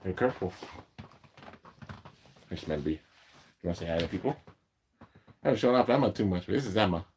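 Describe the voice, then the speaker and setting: Deep-voiced excited young streamer man. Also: a little fast, a little hiss or hum. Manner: rambling and excited, heavy use of "like". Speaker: YouTuber reacting to an anime episode. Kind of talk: casual live-stream chat. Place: at home with his dogs.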